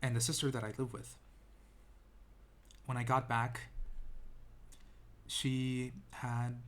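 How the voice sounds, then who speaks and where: A man's voice: mid-range voice, monotone, takes it slowly. A young man telling a personal story to camera in a rambling, self-deprecating way, full of restarts and ums, seated indoors. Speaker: vlogger. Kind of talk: casual storytelling monologue.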